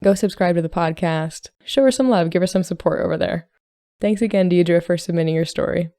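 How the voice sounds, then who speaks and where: A woman hosting a podcast who reads a short story aloud in calm, measured scripted narration. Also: on the low side, dry recording, studio quality. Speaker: podcast host and story reader.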